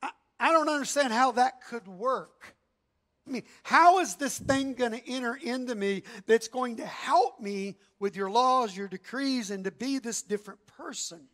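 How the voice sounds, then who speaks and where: A man's voice: extremely high pitch, measured pace, sharp tone, long reverb tail, exaggerated voice. A man voicing a confused, questioning religious leader from a sermon story.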